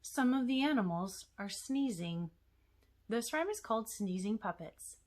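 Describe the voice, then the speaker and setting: A woman, a children's librarian, leading a storytime rhyme with puppets in an animated, sing-song way for young children. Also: on the high side, a little slow.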